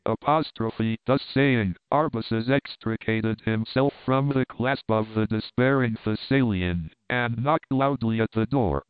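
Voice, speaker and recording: Male audiobook narrator, formal and measured, crisp voice, phone-like sound. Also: medium pitch, no echo. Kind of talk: scripted narration of a classic novel.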